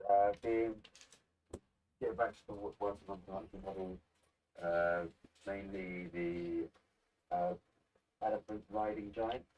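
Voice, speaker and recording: A man joining a casual video-call chat as a guest, speaking in a hesitant, halting way. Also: on the low side, recorded from a distance, highs cut off, slight background noise.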